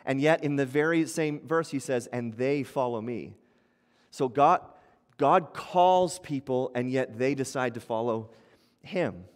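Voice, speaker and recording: A man's voice: mid-range voice, a little slow. Conversational man preaching in a reverberant hall. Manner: conversational preaching with acted-out quotes. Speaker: pastor. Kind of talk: sermon. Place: church hall. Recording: long church hall reverb.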